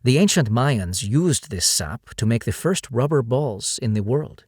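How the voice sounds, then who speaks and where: A man voicing a proud jungle guide with a Spanish accent, gently teasing, read in an audiobook. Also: medium pitch, lively intonation, measured pace, husky, dry recording, studio quality.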